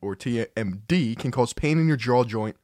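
A man's voice: medium pitch, expressive, moderate pace, darkish tone, dry recording. A young man co-hosting a podcast in casual chat, laid-back, cracking dry jokes and reading out facts. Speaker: podcast co-host.

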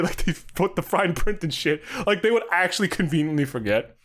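A man's voice: fairly high pitch, animated, fairly quick, fairly bright tone. A man co-hosting a casual podcast, laughing often and improvising silly voices in comic bits. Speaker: podcast co-host. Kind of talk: casual chat.

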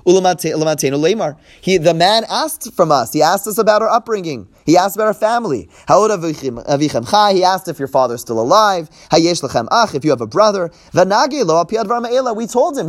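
A man teaching a text-study class, who reads verses aloud, translates them line by line, acts out the quoted speakers and keeps checking in with his listeners. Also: high voice. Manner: explains step by step and checks in with "right?". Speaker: Bible teacher.

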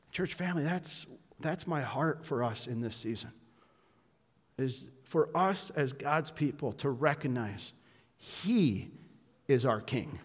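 Man, pastor, sermon, earnest, hushed to loud and emphatic, mid-pitched, long church-hall echo. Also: expressive, takes it slowly, breathy edge. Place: church sanctuary.

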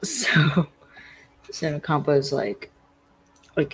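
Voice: medium pitch, level tone, measured pace, creaky, slight background noise, rough recording. A podcast host casually recapping a TV episode, rambling with lots of fillers and acting out the characters' lines. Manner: rambling, lots of "like", acts out quotes.

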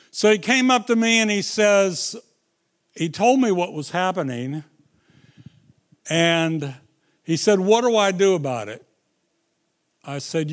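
Slow, high-voiced male preacher. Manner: storytelling, dramatic swings between loud and hushed. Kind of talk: sermon.

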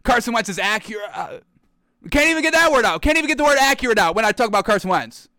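A man's voice: extremely high pitch, lively intonation, quick pace, bright, forceful tone, dry recording. A man hosting a sports show, ranting brashly and mockingly about football teams and players while calling his viewers "folks". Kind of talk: animated sports opinion rant.

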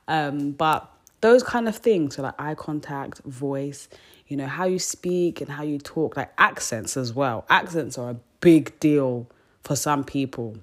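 A woman's voice: low voice, unhurried. A young woman, talking casually as a podcast host in a frank, slangy way. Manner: chatty, slangy and frank, full of fillers. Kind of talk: casual chat.

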